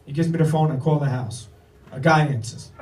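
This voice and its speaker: A man's voice: a little high, fairly quick, darkish tone. A middle-aged man telling a stand-up story on stage, rambling and profane, with stammered restarts. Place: comedy club stage with audience. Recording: echoey room, recorded from far off.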